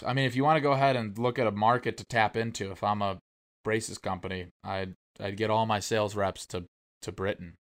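A man's voice: lowish voice, fairly even intonation, fairly quick, a bit bright. A young man in casual chat as a podcast co-host, laid-back and joking.

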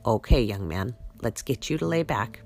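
A woman voicing an older, brisk and kindly woman who talks in homespun, folksy phrases. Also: very deep voice, expressive, a little mellow, faint music behind, voice pushed down. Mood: caring, brisk.

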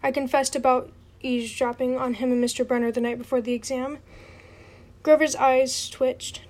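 A woman's voice: high-pitched, little pitch movement, normal speed, darkish tone. A woman reading a novel aloud at home in an unpolished, amateur style and apologizing for her slips. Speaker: reader.

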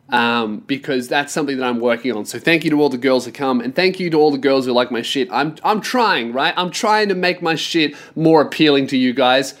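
A young Australian man hosting a solo podcast, sweary and loud, putting on mock anger. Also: medium pitch. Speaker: podcast host.

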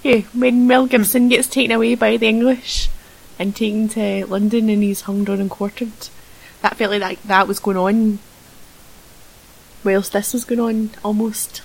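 A woman's voice: medium pitch, little pitch movement, moderate pace, gravelly, husky, poor audio. A young Scottish woman chatting casually about a film as a podcast co-host, playful and teasing. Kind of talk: casual film review chat. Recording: faint hiss.

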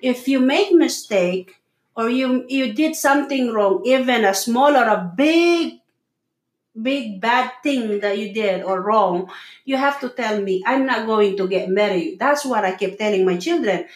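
Woman, earnest and halting, fairly high voice, echoey room. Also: lively intonation. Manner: earnest, halting, restarts, soft tender asides. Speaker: mother sharing parenting views. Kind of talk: casual conversation.

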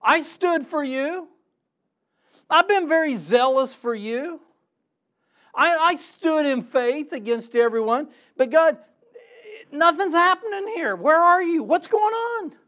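A man's voice: extremely high pitch, lively intonation, slow pace, sharp tone, pitched above the performer's own voice, heavily acted. A man preaching, voicing a despairing male prophet who pleads desperately with God and repeats his complaint. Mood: frantic pleading. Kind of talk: sermon.

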